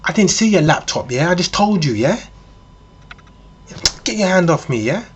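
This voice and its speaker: A man voicing a female con artist who turns aggressive, shrill and confrontational and repeating "yeah?" at the end of her lines. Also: very animated, moderate pace, husky, heavily acted.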